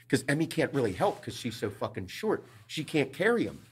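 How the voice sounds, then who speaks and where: A man co-hosting a podcast, chatting casually and telling animated, profanity-heavy stories about his family. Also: mid-range voice, a little fast, few pauses, slightly rough. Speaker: podcast co-host. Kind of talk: casual chat.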